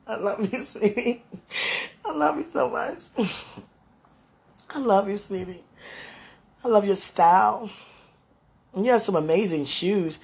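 Gravelly-voiced woman in a tender devotional monologue. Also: on the high side. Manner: tender, devotional, talking softly to God and viewers. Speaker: vlogger speaking to her viewers. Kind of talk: emotional spiritual monologue.

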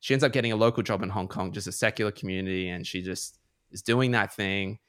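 Low-voiced rambling man. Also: quick pace, a bit bright, clear, resonant tone, dry recording, clean studio sound. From Australia. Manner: rambling, heavy on fillers like "like" and "you know". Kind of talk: casual podcast chat, retelling a book.

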